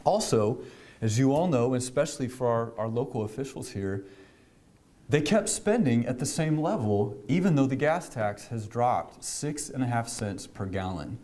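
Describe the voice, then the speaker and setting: A man addresses a business breakfast crowd in a relaxed storytelling manner. He pauses often with fillers and starts his sentences over. His voice sits in an ordinary middle pitch. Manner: conversational, with frequent fillers and restarts. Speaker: government official giving a speech. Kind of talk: storytelling speech to a business audience.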